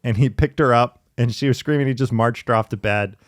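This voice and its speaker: A man in casual conversation, telling stories in a chatty, lively way with laughing asides. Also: mid-range voice, brisk, no echo, clean studio sound. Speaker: podcast guest in therapy talk. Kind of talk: casual storytelling.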